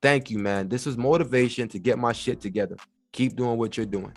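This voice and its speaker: A man's voice: medium pitch, brisk, faint music behind. A man hosting his own vlog, talking casually and jokingly to viewers. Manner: joking, playful, repeats "you feel me"; uses African American English ("y'all", "ain't"). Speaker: show host. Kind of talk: casual direct-to-camera vlog.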